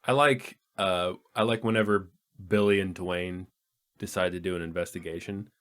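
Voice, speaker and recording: A man's voice: deep voice, fairly even intonation, normal speed, fairly bright tone. A man co-hosting a movie podcast, casually retelling funny scenes and laughing often. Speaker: podcast co-host. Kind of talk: casual movie review chat.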